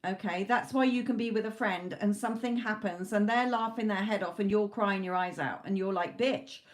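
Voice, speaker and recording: A woman's voice: medium pitch, a little fast. A woman doing a live tarot reading, talking in a loose, conversational way with frequent restarts. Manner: talks in loose spoken chunks, restarts often. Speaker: tarot reader.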